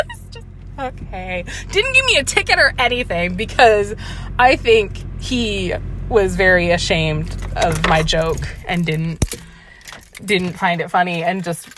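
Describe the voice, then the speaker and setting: A woman's voice: medium pitch, animated, a little slow, fairly bright tone, slight background noise. A young woman telling a story in a casual vlog while driving, laughing, swearing and mocking herself. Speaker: vlogger. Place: inside a car.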